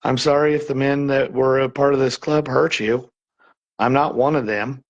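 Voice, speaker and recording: A man from Texas on a live-streamed ghost hunt, talking softly and reassuringly to an unseen presence in an old building. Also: mid-range voice, fairly even intonation, normal speed, highs cut off. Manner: soft, coaxing, reassuring. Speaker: paranormal investigator. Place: old saloon building at night.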